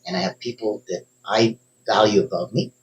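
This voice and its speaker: A man giving a motivational talk as a coach, emphatic and speaking straight to the listener, with sudden upward jumps in pitch on key words. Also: sing-song, normal speed.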